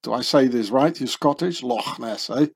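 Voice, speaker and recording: A man's voice: medium pitch, moderate pace, gravelly, slightly rough. A man talking in a meandering monologue over pictures, with many fillers and restarts. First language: German. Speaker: commentator. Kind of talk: rambling monologue over images.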